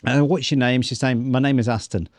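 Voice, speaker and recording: A man tells a story to his co-host in a relaxed vlog chat. He slips into other people's voices as he quotes them and lets the odd swear word drop. The sound is dry and close. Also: mid-range voice, brisk, no room sound. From New Zealand. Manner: animated storyteller acting out quotes; swears casually.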